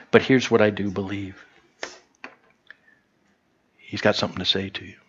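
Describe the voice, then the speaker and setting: A man's voice: lowish voice, fairly bright tone, slightly rough, highs cut off. A man preaching a sermon to a small church in a conversational way, often stopping to restart and quoting short lines. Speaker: pastor.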